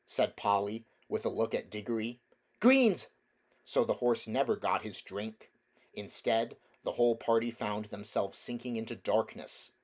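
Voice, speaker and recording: A man reading a children's fantasy novel aloud in a steady, measured storytelling manner. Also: lowish voice. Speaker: audiobook reader.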